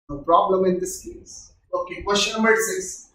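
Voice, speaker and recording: A man's voice: high-pitched, fairly even intonation, moderate pace, fairly bright tone, slight background noise. A man with an Indian English accent teaching a live grammar class, explaining patiently and often quizzing his students. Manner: explains patiently, keeps asking students questions. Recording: echoey room, from far off.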